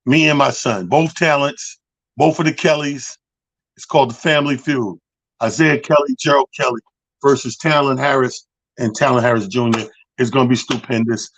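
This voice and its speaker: A man, a comedian hosting a casual comedic radio chat, loud, profane and animated. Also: mid-range voice, normal speed, no room sound. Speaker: comedian and show host.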